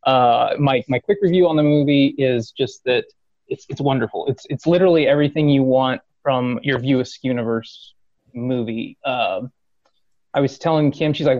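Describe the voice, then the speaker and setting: A man's voice: moderate pace, dry recording, muffled recording. A man hosting a podcast, telling a fan story in casual chat, acting out quotes, laughing and swearing. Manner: animated, acts out quotes with rising pitch, swears, laughs. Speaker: podcast host.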